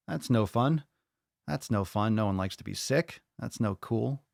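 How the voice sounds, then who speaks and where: A man's voice: on the low side, unhurried, gravelly, no room sound, clean studio sound. An American man hosting a live-streamed fitness podcast, chatting casually with viewers, cursing freely and repeating his phrases. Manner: profane, hyped, repeats phrases. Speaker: podcast host.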